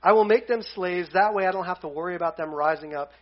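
A man's voice: sits high, fast talker, lightly acted. A scheming ancient king talking like a modern guy, as a teacher puts him on. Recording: dull lo-fi sound.

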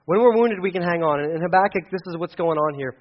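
A male pastor preaching a sermon with an animated delivery, acting out quotes in loud, high bursts. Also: fast talker, lo-fi sound.

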